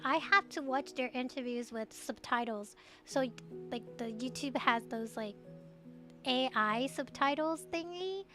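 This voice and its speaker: Young girl streamer, high voice, rambly, says like a lot, giggles, quiet music in the back. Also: unhurried. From Taiwan. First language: Mandarin. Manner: rambling and chatty, full of "like" and giggles. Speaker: VTuber streamer. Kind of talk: casual late-night stream chat.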